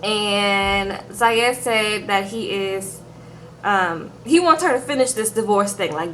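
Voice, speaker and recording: A woman's voice: mid-range voice, slow, a bit bright, a little hiss or hum. A woman giving a chatty, sassy recap of a reality TV show to her viewers in a casual vlog, calling them girl and y'all. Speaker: reality TV reviewer.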